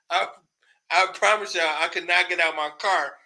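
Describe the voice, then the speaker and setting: A man's voice: high-pitched, steady tone, measured pace, creaky, bright, forceful tone. A man hosting a casual commentary show, ranting in a loose, profane way, laughing often and repeating words when worked up.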